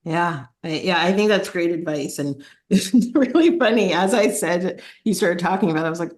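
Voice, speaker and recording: A woman in her forties hosting a podcast, chatty and relatable, asking questions and sharing quick asides. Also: on the low side. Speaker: podcast host, career coach. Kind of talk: casual interview talk.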